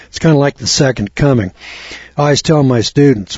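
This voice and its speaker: Husky man lecturing, throat-clearing. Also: mid-range voice, normal speed, a little mellow, dry recording. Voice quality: clears throat often, repeats words. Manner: homespun, storytelling, cautionary. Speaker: instructor. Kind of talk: folksy lecture. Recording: dull lo-fi recording.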